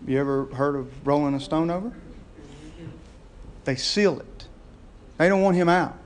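A man with a high-pitched voice preaches a sermon. He tells the story in a lively way, chuckles often and keeps asking his listeners questions. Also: unhurried. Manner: lively storytelling with frequent laughs and rhetorical questions. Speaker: pastor.

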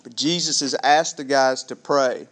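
A man preaching a sermon, conversational and animated, calling the congregation "gang" and asking them questions. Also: mid-range voice, measured pace. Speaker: pastor.

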